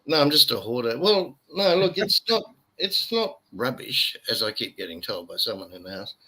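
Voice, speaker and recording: A man's voice: mid-range voice, very animated, moderate pace, pushed and bright, rough recording. An Australian man rambling and joking as co-host of a casual live stream, tired after little sleep. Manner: rambling, jokey, chatty. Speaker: livestream co-host. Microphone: webcam.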